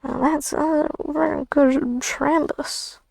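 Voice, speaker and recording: Woman streamer, playful rambler, high-pitched, dry close recording. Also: fairly even intonation, slow pace, vocal fry, darkish tone, dry recording. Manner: rambling, playful, jokey asides. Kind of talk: casual livestream chat while drawing.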